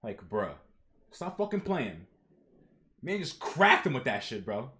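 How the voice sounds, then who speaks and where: A man's voice: mid-range voice, a little slow. A young man streaming a live reaction, reading comic dialogue aloud with slangy asides and doing the characters' lines. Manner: animated, slangy, reads character lines in voices.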